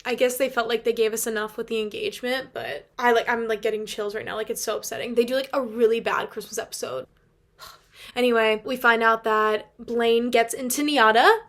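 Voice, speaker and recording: A woman's voice: a little high, steady tone, fairly quick, fairly bright tone. Chatty young woman gushing as a fan. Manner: casual swearing. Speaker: video essay creator. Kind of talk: casual commentary video essay.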